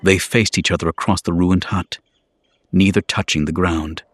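Low-voiced male audiobook narrator. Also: steady tone, no echo. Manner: dramatic, measured storytelling. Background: music score.

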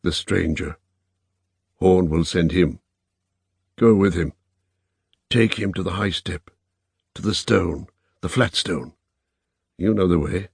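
A man voicing a grave, desperate old lord with a withered hand, speaking in a hushed, intense way. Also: low-pitched, slow pace, creaky, pauses often, breathy edge, no room sound, studio quality, full character voice. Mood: whispering urgently.

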